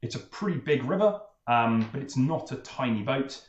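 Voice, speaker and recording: A man's voice: mid-range voice, animated, normal speed, lo-fi sound. Game master man in an echoey room. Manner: laughing, hesitant with fillers. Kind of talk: narrating a tabletop game.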